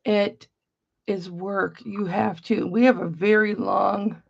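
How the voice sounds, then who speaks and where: A gravelly, husky woman's voice of medium pitch comes through slowly and with a steady tone. She's a middle-aged Michigander running an online auction livestream, chatting bluntly, rambling through a story and cursing freely, over slightly dull lo-fi audio.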